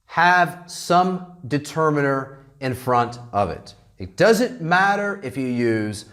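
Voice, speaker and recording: Casting note: American male English teacher, lively rising-falling delivery, unhurried classroom lecture, keeps asking "okay?". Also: fairly high pitch. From United States. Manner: animated, checks in constantly with "okay?".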